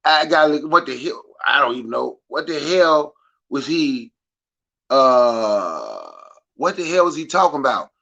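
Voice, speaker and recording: A man's voice: medium pitch, very animated, measured pace, gravelly, a bit bright, dull audio. A man co-hosting a casual chat, reacting with incredulous, mocking disbelief.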